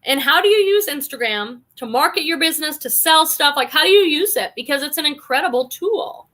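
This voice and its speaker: A woman's voice: high-pitched, lively intonation, brisk, sharp tone. A woman in her forties hosting a reselling livestream, chatting casually and reading viewer comments aloud with effusive enthusiasm. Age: 40s.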